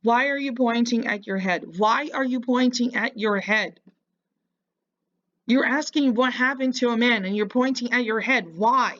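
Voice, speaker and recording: A woman's voice: a little high, measured pace, fairly bright tone, a little hiss or hum. Scolding woman, dull lo-fi audio. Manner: mocking, scolding, lecturing. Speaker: reaction commentator. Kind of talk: casual reaction commentary.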